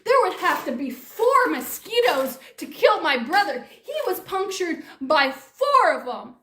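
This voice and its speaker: A woman's voice: extremely high pitch, very animated, unhurried, fairly bright tone, echoey room, full character voice. A woman playing a brash, foul-mouthed young daughter.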